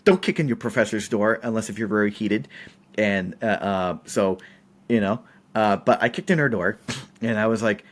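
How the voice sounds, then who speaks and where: Animated male podcast guest storyteller. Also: on the low side. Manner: animated, emphatic retelling with fillers.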